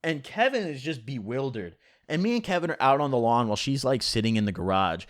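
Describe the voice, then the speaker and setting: Brief: man, casual storytime vlogger, lively up-and-down delivery, profane and chatty, dry close sound. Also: mid-range voice, fairly quick, no room sound. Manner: animated, heavy swearing and filler "like".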